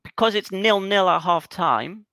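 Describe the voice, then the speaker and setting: A man co-hosting a podcast, retelling things in a rambling, animated way with lots of fillers. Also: sits high, unhurried, no room sound. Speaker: podcast co-host. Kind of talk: casual chat.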